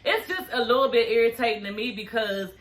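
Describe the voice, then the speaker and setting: A woman's voice: on the high side, brisk. A woman in her forties recapping a reality show in casual chat, sassy and profane, calling her viewers honey and girl. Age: 40s.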